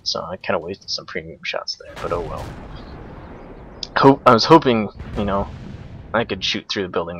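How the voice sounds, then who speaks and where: A young man with a fairly low voice talks through a replay of his match, relaxed and explanatory, often pausing on an um or uh. The recording is dull and lo-fi, with a faint hiss underneath. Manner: relaxed, explanatory, frequent ums and uhs. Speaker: gameplay commentator. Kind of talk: casual replay commentary.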